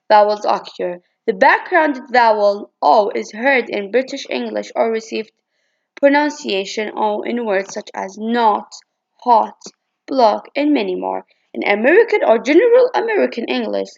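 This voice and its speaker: A woman's voice: fairly high pitch, creaky, dull audio. A woman reading a presentation on vowel pronunciation from her slides, with hesitant restarts and fillers. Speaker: student presenter.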